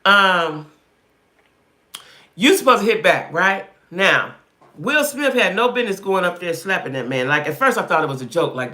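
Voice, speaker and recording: A woman's voice: fairly low pitch, big pitch swings, normal speed, pushed and bright. A woman hosting a casual live stream, talking straight to her viewers, repeating herself for emphasis and answering their comments as they come in. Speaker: livestream host.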